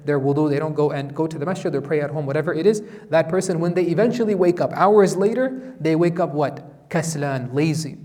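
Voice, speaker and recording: A man teaching a Quran tafsir lesson as an imam, telling stories in an animated, conversational way. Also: on the high side. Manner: animated storytelling, conversational asides. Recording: long hall reverb.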